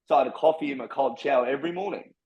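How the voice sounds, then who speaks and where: A young Australian man, a personal trainer, telling his story in casual chat, blunt and full of swearing. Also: medium pitch. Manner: blunt, heavy swearing, fast and driven. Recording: slightly dull lo-fi sound.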